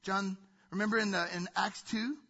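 A man delivers a sermon with a high, bright voice and a husky edge. He preaches emphatically and conversationally, often dropping to a hush. The recording is dull and lo-fi. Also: fairly even intonation, normal speed.

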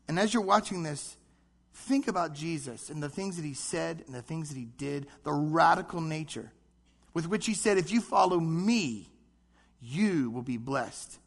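A man preaching a sermon, animated, acting out short voices as he goes. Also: fairly high pitch, creaky, husky. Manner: animated, acts out voices in quick asides. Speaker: pastor.

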